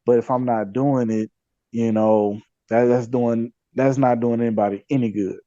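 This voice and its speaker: A man recounts his community work as a podcast guest. He sounds dark and mellow and drifts easily, full of "you know" and restarts. The audio is dry and slightly dull. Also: medium pitch, steady tone, normal speed, dry recording. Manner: conversational, many fillers and self-repeats. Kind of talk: casual storytelling interview.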